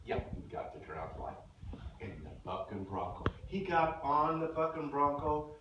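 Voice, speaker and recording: Man, storyteller for a kids' group, fairly high voice, plays the family voices. Recorded from far off in an echoey, noisy room. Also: very animated, moderate pace, dull audio. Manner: plays family voices, asks the kids questions. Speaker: storyteller for young children. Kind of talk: casual storytelling to kids.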